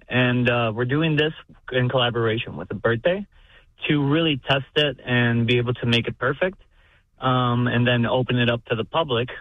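A man's voice: mid-range voice, no room sound. Man calling in over a tinny phone line. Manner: eager, hesitant with fillers. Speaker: caller. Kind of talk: phone-in call to a radio show.

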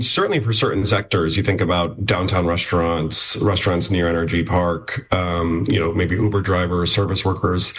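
A man's voice: low voice, breathy edge. A man appearing as a reporter guest on a radio interview, explaining in an analytical way with many "you know" fillers and restarts.

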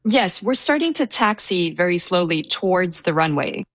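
A soft-spoken woman telling a personal story in an interview, with hesitant restarts and a self-described introverted manner. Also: fairly low pitch, very animated, moderate pace, no echo. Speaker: guest recounting a personal story.

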